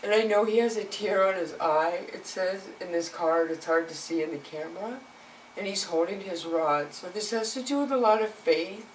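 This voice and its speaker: A woman's voice: fairly low pitch, moderate pace, recorded from a distance, slight background noise, low-quality recording. A woman reading tarot cards to camera, emotional and earnest, speaking straight to the viewer. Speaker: tarot reader.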